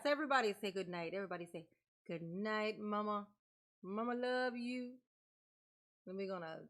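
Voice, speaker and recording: A woman's voice: medium pitch, a bit bright. A woman vlogger in casual chat, playfully mocking and laughing, calling herself Mama. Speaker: commentary channel host.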